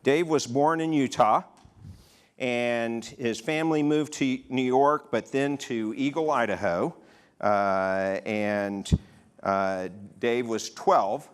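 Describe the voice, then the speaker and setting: A man's voice: mid-range voice, takes it slowly, clean tone. Man hosting an on-stage patient interview. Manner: conversational, with frequent "uh" fillers. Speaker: health system CEO hosting a patient interview. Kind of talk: on-stage interview before a live audience. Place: conference stage. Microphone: stage microphone.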